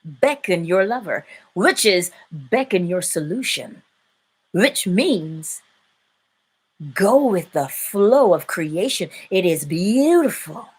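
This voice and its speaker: A woman hosting a live-stream inspirational talk, preaching in an animated way and laughing often. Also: lowish voice, slow, husky. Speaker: inspirational speaker and host.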